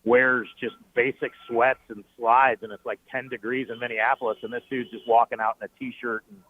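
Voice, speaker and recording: A man, a team's play-by-play broadcaster, telling animated stories as a guest on sports talk radio, with many fillers and restarts. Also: mid-range voice, normal speed, a little hiss or hum. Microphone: phoning in. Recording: tinny phone line.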